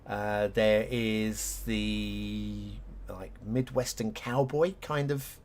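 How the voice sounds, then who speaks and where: A man's voice: mid-range voice, steady tone, slow, a little mellow. A middle-aged man chatting casually on a live stream, rambling and self-mocking as he laughs at his own jokes.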